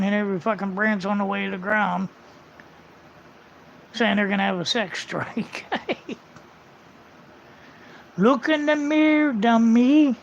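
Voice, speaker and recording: A man's voice: high voice, creaky, fairly bright tone, slight background noise. A man livestreaming a casual, rambling monologue, blunt and full of swearing, on muffled lo-fi audio.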